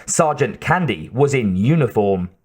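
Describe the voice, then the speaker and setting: Slow, measured male audiobook narrator. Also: mid-range voice, breathy edge. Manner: measured, steady. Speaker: audiobook reader.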